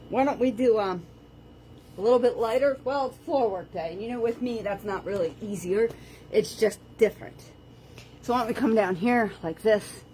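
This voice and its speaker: Woman, fitness instructor, fairly high voice, chatty and self-joking, counts reps aloud, home floor workout, faint room noise. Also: moderate pace, warm tone. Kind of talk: live workout coaching. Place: indoors at home, on a floor mat. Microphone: camera on the floor.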